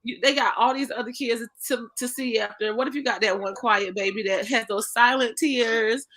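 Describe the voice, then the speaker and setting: Bright teasing woman in casual chat. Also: a little high, normal speed. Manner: teasing, laughing, empathetic. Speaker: co-host.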